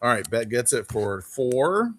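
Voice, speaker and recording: A man's voice: mid-range voice, big pitch swings. Chatty man calling auction bids. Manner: quick bid-calling, chatty, greets viewers by name. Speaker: live online auction seller. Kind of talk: casual live-stream auction patter.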